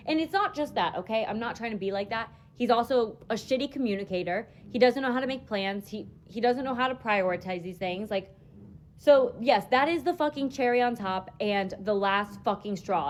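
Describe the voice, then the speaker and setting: A woman's voice: mid-range voice, fairly quick, slight background noise. A woman telling a casual storytime into her phone, blunt, emphatic and full of swearing.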